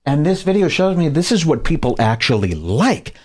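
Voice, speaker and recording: Guy ranting on a podcast, sarcastic and crude, voice jumps all over, kinda high. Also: sing-song, normal speed, darkish tone. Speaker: podcast host. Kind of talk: ranting casual talk.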